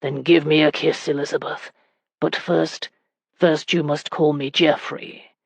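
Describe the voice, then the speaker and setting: A gruff young medieval lord with a husky voice, as a woman narrator puts him on. He speaks in a commanding, teasing way. The recording is dry and close. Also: low-pitched, little pitch movement, unhurried, no room sound, full character voice.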